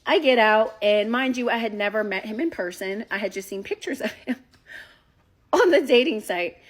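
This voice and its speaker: Animated high-voiced woman telling a story. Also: moderate pace. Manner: animated, talks straight to listeners, swears. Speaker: storyteller recounting a date. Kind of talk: casual storytelling.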